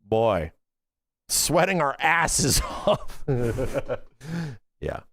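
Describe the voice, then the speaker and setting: A man in his forties chatting casually on a livestream, telling animated stories with lots of swearing. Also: medium pitch, drawn-out words, vocal fry, no echo, studio quality. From Los Angeles area. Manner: excitable, swearing, animated storytelling. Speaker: streamer.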